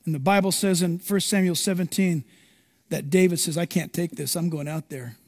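A man's voice: on the high side, moderate pace, in a large hall. A male pastor preaching a sermon, telling stories dramatically and acting out the quotes. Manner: animated, dramatic storytelling with acted-out quotes.

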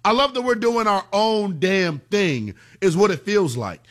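A young man hosting a sports talk show, his fairly high voice swinging widely in pitch. He talks in an excitable, folksy way, swears casually and drops low for quick asides. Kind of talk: animated sports talk monologue.

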